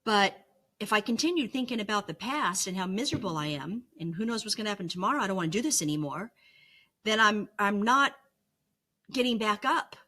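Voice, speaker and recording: A woman's voice: mid-range voice, animated, brisk, pushed and bright. A middle-aged woman talking candidly in a personal vlog from her bedroom, earnest and confessional with flashes of self-mocking humor. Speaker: vlogger sharing her illness recovery. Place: home bedroom.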